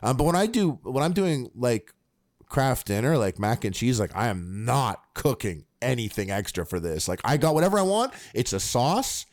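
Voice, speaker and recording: A man's voice: mid-range voice, sing-song, moderate pace, dry recording, studio quality. A man co-hosting a podcast, rambling in casual chat with lots of fillers and swearing. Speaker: podcast co-host.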